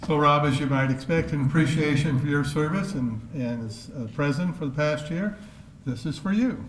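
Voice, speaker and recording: A man's voice: a little high, normal speed. A man serving as board president who runs the ceremony, casual and joking at the podium. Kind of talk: ceremony emcee. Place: banquet hall. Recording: echoey hall, crowd and room noise.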